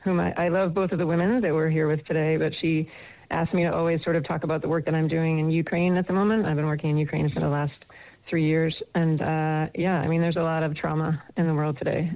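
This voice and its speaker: A woman's voice: low voice, no echo. American woman on a phone line. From United States (Boston). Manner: chatty, laughs often. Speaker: guest, management professor. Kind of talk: radio interview. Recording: thin phone-line sound.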